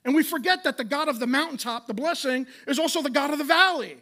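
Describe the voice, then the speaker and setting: Conversational and impassioned, a late-thirties pastor delivers a sermon peppered with rhetorical questions and quick restarts, his voice very high with a sharp tone.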